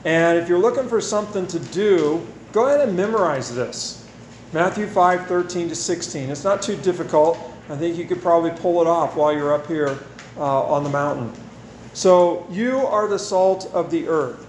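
Male pastor, high voice, folksy sermon delivery, repeats himself for emphasis, echoey church room, faint hiss. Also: normal speed. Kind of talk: sermon with scripture reading and prayer.

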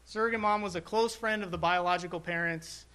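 Chaplain guy preaching, high voice, bright tone, lots of restarts and pauses. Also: fairly even intonation, clean tone. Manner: halting, reflective, many restarts and fillers. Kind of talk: personal story in a sermon.

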